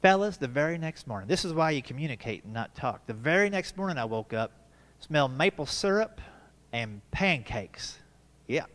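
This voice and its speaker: A man's voice: fairly high pitch, big pitch swings, normal speed, fairly bright tone. A man in his forties doing stand-up comedy at a church, telling folksy stories with asides to the audience. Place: church performance space.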